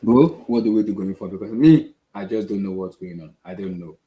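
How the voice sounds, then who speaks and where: A man with a lowish, warm voice hosts a football fan channel, talking briskly in a casual rant. He sounds exasperated and keeps repeating himself. The room he's recording in is echoey.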